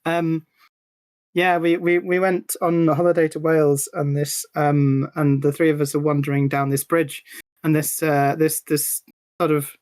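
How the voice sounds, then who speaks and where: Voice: medium pitch, level tone, normal speed, a little mellow, clear, resonant tone. A team member on a live stream chats casually, laughing often mid-sentence and restarting their sentences.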